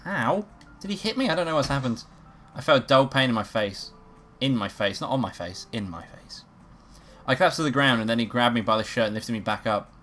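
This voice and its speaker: Fields: Sex: woman. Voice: very low. Role: game streamer. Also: brisk, a bit bright, a little hiss or hum. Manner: wry, swearing asides. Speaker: let's play streamer. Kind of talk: reading a visual novel aloud with commentary.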